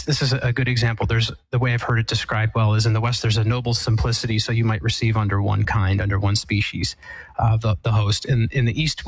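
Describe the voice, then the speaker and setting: A man, an Eastern Catholic priest, answering a caller's question on a call-in show, explaining slowly and thoughtfully, often restarting his sentences. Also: medium pitch, dry recording, poor audio.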